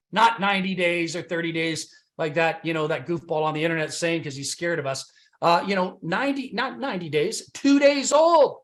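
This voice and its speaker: A man with a high-set voice runs a hyped business pitch over a call. He's brash and boastful, punching up the big claims and then dropping into low, confiding asides. His voice sounds slightly worn from all the loud talking. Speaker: business opportunity presenter on a conference call.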